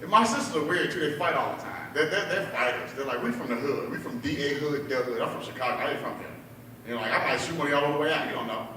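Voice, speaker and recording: A man's voice: a little high, quick pace, sharp tone, slight background noise. A man telling a stand-up story at a bar open mic, acting out his family members' voices, with audience laughter behind him. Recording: echoey bar room, mic heard from a distance.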